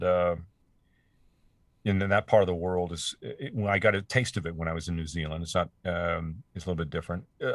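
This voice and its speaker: A man, a voice actor, talking as a guest in a casual interview, animated and stammering through restarts with laughing asides, from a studio microphone. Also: low voice, no echo. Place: home studio.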